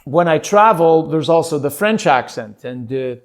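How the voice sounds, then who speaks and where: A man's voice: on the high side, lively intonation, normal speed, hardly any pauses. A man hosting a podcast, joking his way through a comedic monologue in broken English with a put-on foreign accent and many hesitant fillers. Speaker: podcast host.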